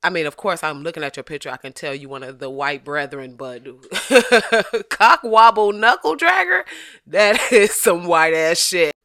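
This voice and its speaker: Animated, laughing podcast host with a bright voice. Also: medium pitch, normal speed, dry recording, clean studio sound. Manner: animated, laughs often, slips into quoted voices. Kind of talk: casual comedic podcast chat.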